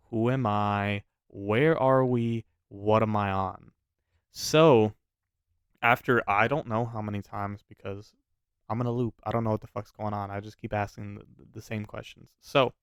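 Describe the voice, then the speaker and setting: A man telling a personal story in a casual, animated way, swearing freely and often restarting his sentences. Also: medium pitch, clean tone, no echo, clean studio sound.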